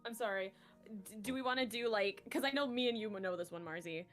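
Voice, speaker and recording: Woman, mid pitch, chatty and jokey, stream co-host, faint music behind. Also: fast, a bit bright. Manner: chatty, jokey, runs the poll talk. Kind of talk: casual group chat on a livestream.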